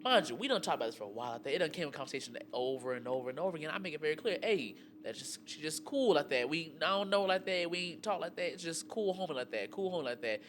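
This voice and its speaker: A young man co-hosting a radio talk show, telling relationship stories in an animated, slangy way with lots of fillers. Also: a little high, rapid-fire, few pauses, a little hiss or hum. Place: radio studio.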